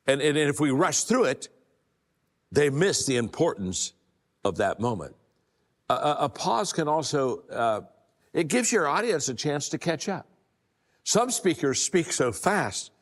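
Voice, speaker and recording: A man's voice: medium pitch, in a large hall. An older man giving a motivational leadership talk, telling folksy stories with frequent restarts and repeated words. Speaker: leadership speaker.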